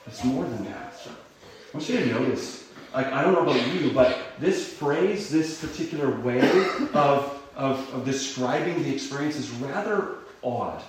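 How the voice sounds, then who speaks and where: A man's voice: medium pitch, lively intonation, unhurried, slight background noise. Echoey, distant male preacher. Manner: conversational preaching, many fillers and restarts, rises sharply when quoting cries. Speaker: pastor. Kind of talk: sermon. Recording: very echoey room, voice far from mic.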